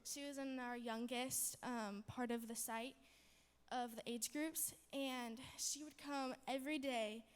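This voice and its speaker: A high-voiced young woman gives a rambling, bubbly testimony to a chapel audience, filling her sentences with "like" and "um". Her voice carries a long hall reverb. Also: steady tone, unhurried, clear, resonant tone. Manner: bubbly, rambling, many fillers. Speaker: student giving testimony.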